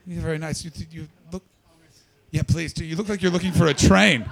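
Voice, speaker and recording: Hoarse, gravelly man doing stand-up. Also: fairly quick, crowd noise. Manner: loud, swearing, jumps into a shrieking high register for bits. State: losing his voice. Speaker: stand-up comedian. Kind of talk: stand-up comedy set with crowd work.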